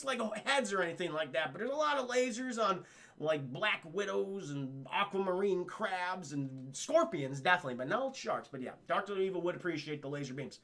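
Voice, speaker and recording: A man with a high, bright, tense voice and a gravelly edge talks through a cartoon episode for his live chat. He rambles, swears freely and keeps turning back to address the chat. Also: expressive, brisk, faint music behind. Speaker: livestream cartoon reviewer. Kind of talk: casual spoiler recap to a live chat.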